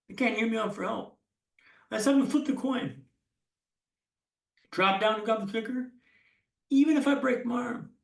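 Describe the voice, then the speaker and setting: A man giving a keynote speech as a storyteller, with punchy lines, dramatic pauses and self-deprecating humor. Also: very high-pitched, creaky, echoey room, recorded from a distance. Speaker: keynote speaker. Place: conference hall stage.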